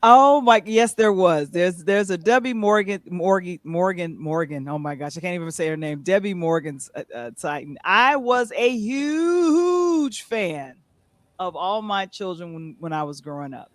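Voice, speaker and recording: A woman's voice: fairly low pitch, normal speed, hardly any pauses, no room sound. A middle-aged woman hosting a live talk show, telling stories animatedly and reading out viewer comments, with a New York accent. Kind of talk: casual live-stream chat.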